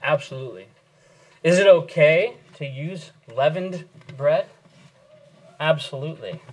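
A male pastor giving an earnest sermon lesson, pausing and restarting as he explains, then leading a prayer. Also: fairly high pitch, poor audio. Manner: earnest teaching with frequent fillers and restarts. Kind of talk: sermon teaching and closing prayer.

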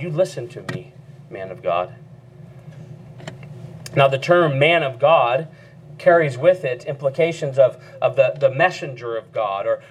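A man's voice: on the high side, a little hiss or hum. A man preaching an expository sermon as a pastor, earnest and emphatic, repeating key phrases for weight.

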